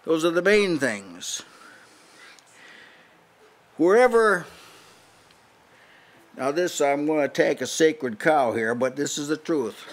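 An older man preaches in a house church meeting, pressing his points hard and challenging his listeners. His voice sits a little high for a man, and he often breaks off and restarts his sentences as he drives home each point. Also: animated, moderate pace, hardly any pauses. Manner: emphatic, challenging, with frequent restarts. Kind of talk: sermon.

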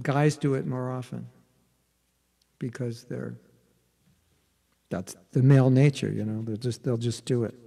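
A man's voice: on the high side, creaky, a little mellow, long reverb tail. A man teaching a spiritual workshop in a conversational way, often checking in with his listeners. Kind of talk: interactive spiritual workshop talk.

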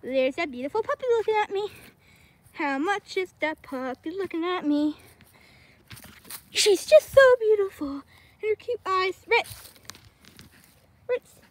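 Outdoors with her dogs, a woman vlogs casually on a handheld camera, talking to them fondly in a chatty sing-song while they bark in the background. Her voice is very high-pitched and animated at normal speed.

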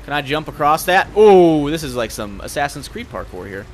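A young man giving casual, excitable gameplay commentary, thinking aloud and swearing. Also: on the high side, brisk, a little hiss or hum.

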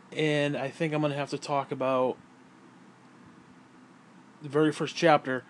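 A man's voice: a little high, slight background noise. A man lying in bed, telling rambling, profanity-laced stories in a casual vlog and laughing at his own tales. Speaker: vlogger and self-published author.

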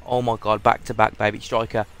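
A young British man giving excitable pack-opening commentary on a video game, swearing and repeating himself. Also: fairly low pitch, background noise. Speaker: gaming YouTuber.

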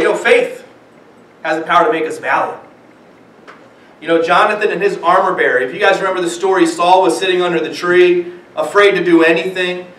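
A man's voice: sits high, fairly bright tone. A man, father of young children, preaching a sermon with animation and acting out the voices of people in the stories. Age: young adult or middle-aged, father of young children. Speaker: pastor. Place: church sanctuary. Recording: echoey church room from far off.

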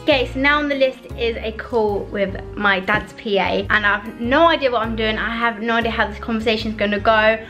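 A teenage girl from Britain, chatty and expressive, talking casually to camera for a family vlog. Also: a little high, a little fast, hardly any pauses, faint music behind. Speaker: vlogger daughter.

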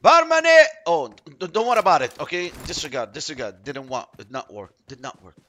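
A man giving chatty, excitable commentary while playing a shooter game, yelping when surprised. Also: medium pitch, a little fast. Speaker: mobile game streamer.

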